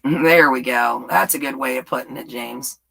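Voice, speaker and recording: A woman's voice: extremely low pitch, normal speed, gravelly, sharp tone, low-quality recording. A woman hosting a rambling, casual live chat and reading viewer comments aloud. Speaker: livestream host.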